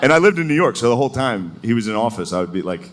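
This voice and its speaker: Rambling male stand-up comic, lively pitch. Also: very fast, a little hiss or hum. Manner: loose, rambling delivery with many filler likes. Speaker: stand-up comedian. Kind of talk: stand-up comedy set. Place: live venue before a laughing audience. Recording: live show with crowd laughter. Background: audience laughter.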